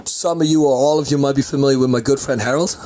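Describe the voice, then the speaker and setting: A man's voice: mid-range voice, fairly even intonation, quick pace, a little mellow. A man being interviewed on a podcast about touring as a singer and tour manager. He talks in an easygoing way, laughs often and keeps saying "you know". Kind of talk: casual interview chat. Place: tour bus lounge.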